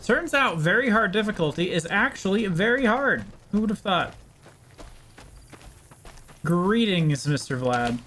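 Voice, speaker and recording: A young man with a high voice chats with his viewers while playing a game. He is casual and wry, dropping dry jokes. A faint hum of ambience sits behind him. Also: lively intonation, a little slow, pauses often, fairly bright tone. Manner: chatty, talks to chat, wry. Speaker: game streamer. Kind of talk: casual live-stream commentary.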